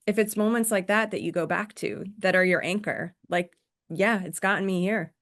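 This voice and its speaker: A woman's voice: mid-range voice, fairly even intonation, normal speed, a bit bright. A woman hosting an interview, asking reflective questions and affirming her guest. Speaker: podcast host.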